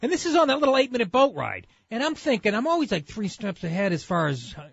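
A man's voice: high-pitched, big pitch swings, fast talker, creaky, lo-fi sound. A middle-aged man co-hosting a radio show, telling a rambling, self-deprecating story in casual banter. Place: radio studio.

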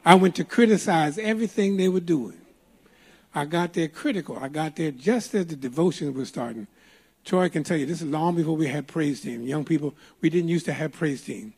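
Gravelly older preacher telling a story. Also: male voice, fairly high pitch, brisk, darkish tone. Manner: storytelling preacher, folksy and emphatic. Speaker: pastor. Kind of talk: sermon. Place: church sanctuary.

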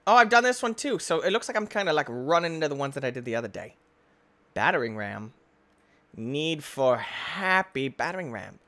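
A man giving excitable, goofy let's-play game commentary, often yelling and shrieking. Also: a little high, normal speed. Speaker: gaming YouTuber.

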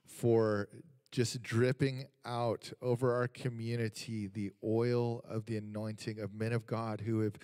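A man's voice: medium pitch, a little mellow, clean studio sound. Man leading prayer in a reverberant church. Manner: halting, many fillers, earnest prayer. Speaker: pastor introducing the guest. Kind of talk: introduction and spoken prayer. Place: church sanctuary. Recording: long church hall reverb.

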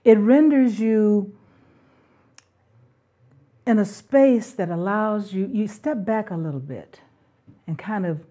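A middle-aged woman hosting a talk on parenting, speaking in an earnest, reflective and spiritual way, with soft laughs now and then. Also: mid-range voice.

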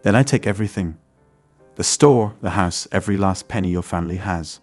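A man's voice: sits low, brisk, a little mellow, dry recording, faint music behind. A man voicing a smug, menacing male loan shark who speaks in a mocking, threatening way.

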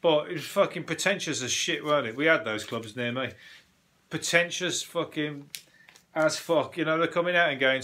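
A man hosting a solo comedy podcast, riffing on news stories in a deadpan, sweary manner with quick laughs. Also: a little high. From United Kingdom.

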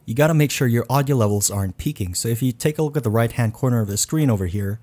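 A man giving a voice-over tutorial in a low, deliberate announcer style, recorded close on a condenser mic in a quiet room at home. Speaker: YouTube tech reviewer.

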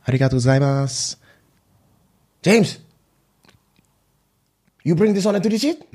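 A man putting on a Japanese accent, playing a man who shouts in outrage about dishonor. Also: on the high side, animated, slow, long pauses, husky, voice pushed up, exaggerated voice. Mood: outraged. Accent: put-on Japanese.

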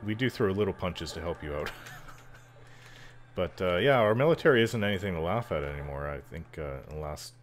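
A man's voice: low voice, expressive, fairly quick, a little hiss or hum. A man chatting casually over gameplay, rambling with lots of fillers and frequent chuckles. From Canada. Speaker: gameplay commentator. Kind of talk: casual let's-play chatter.

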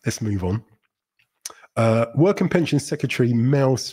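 A man's voice: mid-range voice, expressive, moderate pace, a little mellow, husky. A man hosting a livestream, giving blunt, rambling commentary on news articles, often correcting himself and laughing at what he reads. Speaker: livestream host.

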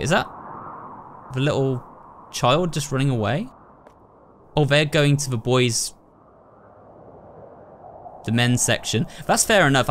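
Young guy chatting thru a horror game to his viewers, mid voice, game ambience loud behind him. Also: medium pitch, slight background noise. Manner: chatty, thinks aloud, talks to viewers. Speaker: gaming YouTuber. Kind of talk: horror game playthrough commentary. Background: horror game sounds.

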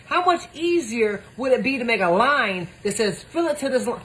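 A woman with a high, bouncing voice swoops up and down as she cooks in her home kitchen. She keeps up a loud, profane, exclaiming comedic commentary throughout. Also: animated, a little fast, hardly any pauses. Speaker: comedian cooking on camera. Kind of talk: comedic cooking vlog commentary.

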